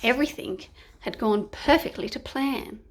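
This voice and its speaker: A woman's voice: on the high side, moderate pace, slight background noise. A woman reading a picture book aloud to children, playful and sometimes dropping to a whisper. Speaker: storyteller.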